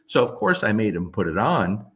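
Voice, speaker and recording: A man's voice: fairly low pitch, very animated, moderate pace, fairly bright tone. A man, a dog trainer, talking casually to camera, emphatic and blunt, often asking the listener whether they understand. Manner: emphatic, keeps checking in with the listener.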